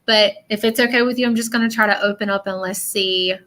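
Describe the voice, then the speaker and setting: A woman hosting a live-stream spirit reading, earnest and halting, repeating phrases and close to tears. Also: medium pitch, fairly even intonation, bright, forceful tone. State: emotional, near tears. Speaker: psychic medium host.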